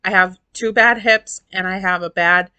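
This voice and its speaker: A woman's voice: mid-range voice, steady tone, moderate pace, bright, forceful tone, clear, resonant tone, dry recording. Effusive, emotional middle-aged woman vlogger. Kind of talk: casual chat to viewers.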